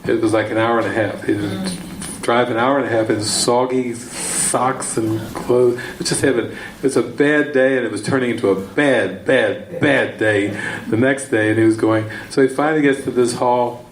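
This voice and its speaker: A man's voice: mid-range voice, moderate pace, a little hiss or hum. A man giving a spiritual teaching talk, telling a story and repeating words for emphasis. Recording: echoey room, faint ambience.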